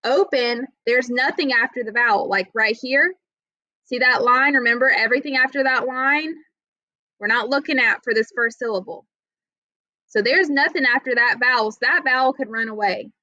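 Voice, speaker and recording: A woman's voice: a little high, normal speed, sharp tone, no echo. A woman teaching children a reading lesson, explaining patiently step by step and checking in with "okay?". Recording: dull lo-fi audio.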